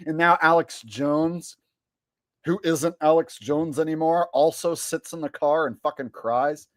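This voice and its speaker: A man's voice: fairly high pitch, measured pace, dry recording, clean studio sound. A man ranting in profane, exasperated commentary as a vlogger and impressionist.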